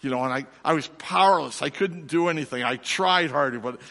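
A middle-aged man, preaching a sermon and telling a lively personal story before turning quiet and slow. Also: on the high side, vocal fry. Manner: animated storyteller, drops to soft and slow for reflection. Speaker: pastor. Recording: long reverb of a large hall.

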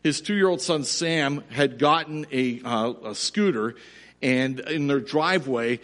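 A man in his forties telling a story in a sermon, earnest and dropping to a quiet emotional emphasis. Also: mid-range voice, measured pace. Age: 40s. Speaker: pastor.

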